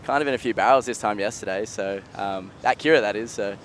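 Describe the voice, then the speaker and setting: A man with an Australian accent, a pro surfer giving a relaxed interview with quick laughs. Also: on the low side, a little hiss or hum. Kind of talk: casual interview.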